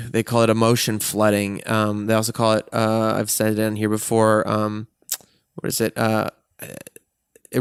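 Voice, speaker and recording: A man's voice: fairly low pitch, smooth, dry recording, studio quality. A man speaking in a frank, profane and emotionally intense way, reflecting on himself in a personal monologue. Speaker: vlogger.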